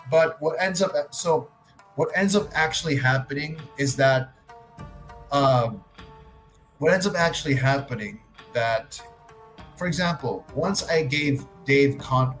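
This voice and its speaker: On a low-quality recording, a male livestream host with a medium-pitched, slightly bright voice offers casual commentary. He argues his point, restarting often and swearing now and then.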